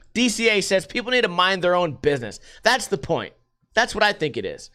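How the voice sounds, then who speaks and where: A man's voice: on the high side, sing-song, brisk, bright, forceful tone. A young man hosting a podcast, reading news articles aloud and ranting about them in a profane, sarcastic, exasperated way. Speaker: podcast host. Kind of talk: casual reading of the news with rants.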